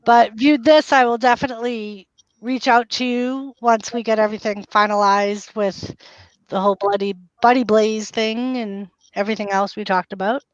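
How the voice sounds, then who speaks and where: Woman guest on a call, higher voice, dull muffled line. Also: fairly even intonation, normal speed, no room sound. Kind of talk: casual chat. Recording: muffled video-call audio.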